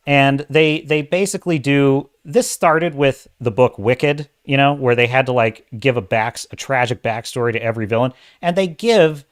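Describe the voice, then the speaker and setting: Male livestream host, casual movie rant, sarcastic and animated. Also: mid-range voice. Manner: sarcastic, animated, swears, interrupts himself. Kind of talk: casual ranting movie review.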